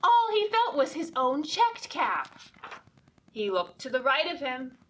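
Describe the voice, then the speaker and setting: Woman children's librarian, slow animated storytime reading, asks the kids questions. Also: sits high, far from the mic, slight background noise. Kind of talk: children's storytime read-aloud.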